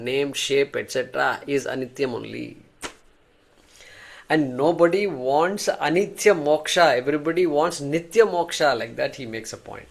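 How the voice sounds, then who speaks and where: A man's voice: mid-range voice, fairly bright tone. A man teaching a class, explaining with examples and often repeating words as he thinks. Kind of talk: class lecture.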